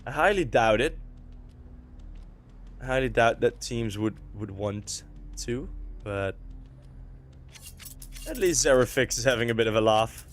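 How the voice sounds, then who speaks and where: A man casting an esports match live, chatting loosely with many fillers while waiting out a technical pause, still in his morning voice. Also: mid-range voice. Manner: relaxed, filler-heavy chatter during a tech pause. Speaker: esports caster.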